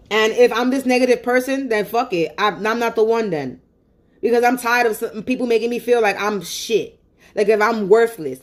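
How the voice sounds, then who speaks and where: Fairly high-voiced woman ranting into her phone on a livestream, cursing a lot and repeating herself. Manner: angry, profane and repetitive ranting. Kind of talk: emotional venting livestream.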